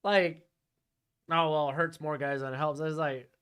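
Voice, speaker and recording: A man's voice: on the high side, fairly even intonation, moderate pace, fairly bright tone, clean tone. Chatty male draft streamer. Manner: chatty, reads chat questions aloud. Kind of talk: casual live-stream commentary.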